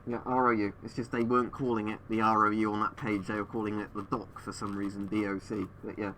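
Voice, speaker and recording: A man answers his stream chat from home, thinking aloud and wandering between points. His bright, forceful voice comes out muffled through a gas mask and picks up a faint hum over the webcam mic. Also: on the low side, flat delivery, quick pace. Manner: rambling, thinking aloud with fillers.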